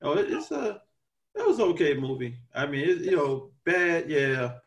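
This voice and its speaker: Casting: man, slightly higher voice, lively podcast co-host, laughs a lot. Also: normal speed, recorded from a distance. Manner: animated, laughs often, quotes characters in put-on voices. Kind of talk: casual movie chat.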